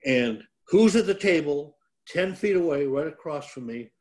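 A man's voice: fairly high pitch, animated, moderate pace, a little mellow. Older man telling a rambling story. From Detroit, US. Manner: rambling, self-deprecating storyteller. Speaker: guest, former pro wrestler. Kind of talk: casual storytelling.

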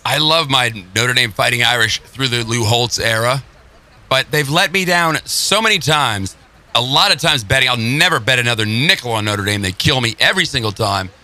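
A man's voice: mid-range voice, normal speed, sharp tone. A man co-hosting sports radio with joking, teasing banter. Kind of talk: casual sports talk.

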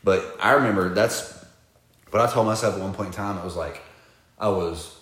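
A low-pitched man chatting loosely and swearing freely as he tells stories. His voice sits fairly deep and bounces around an echoey room. He speaks laid-back and unhurried. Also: a bit bright. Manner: laid-back, profane storytelling with laughing outbursts. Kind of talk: casual chat.

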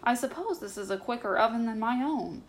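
A woman's voice: fairly high pitch, lively intonation, fairly quick, slight background noise, lightly acted. A woman voicing a fussy, anxious female dog guest in a children's story, talking politely and then panicking and whining. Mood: genteel.

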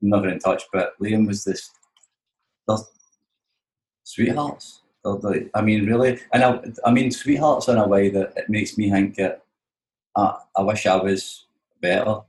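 Scottish guy, musician, rambling sweary chat, lowish voice, echoey room. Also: a little slow, pauses often, darkish tone. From Scotland. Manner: rambling, sweary, keeps saying "you know what I mean". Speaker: touring musician, guest. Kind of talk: casual storytelling chat. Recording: roomy echo.

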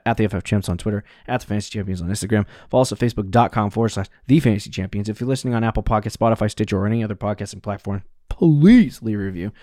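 A man's voice: on the low side, a little mellow, no room sound, clean studio sound. A young man co-hosting a casual sports podcast, rambling, correcting himself mid-sentence and laughing often as he talks into a podcast mic. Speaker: podcast co-host.

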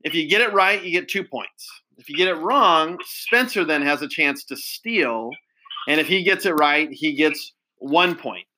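A man's voice: fairly high pitch, expressive, a little slow, bright, forceful tone, rough recording. Upbeat man hosting a quiz. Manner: upbeat, praising, many fillers. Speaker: quiz host. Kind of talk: casual game quiz.

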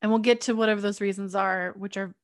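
A woman's voice: mid-range voice, steady tone, fast. A woman co-hosting a podcast in casual chat, blunt and sarcastic, swearing freely. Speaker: podcast co-host.

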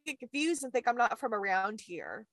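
A woman's voice: fairly high pitch, moderate pace. A young woman with a Southern US accent who co-hosts a podcast, chatting casually with frequent laughter and swearing. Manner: giggly, swearing, animated. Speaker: podcast co-host. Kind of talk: casual chat.

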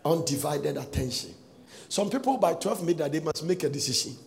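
A man preaching a sermon in a sing-song cadence that swings between shouts and soft asides. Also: a little high, lively intonation, fairly quick, gravelly. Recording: long reverb of a large hall.

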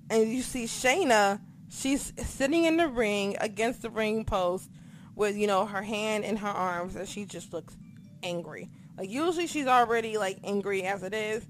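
A woman co-hosting a casual wrestling recap from home, talking in an excitable, profane, animated way. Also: mid-range voice, slight background noise. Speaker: podcast co-host recapping wrestling. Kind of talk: casual chat. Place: home apartment.

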